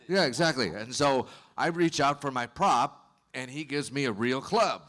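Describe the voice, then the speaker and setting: Man telling a lively stunt anecdote. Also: medium pitch, slow. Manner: animated storytelling, acts out dialogue. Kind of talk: convention panel anecdote.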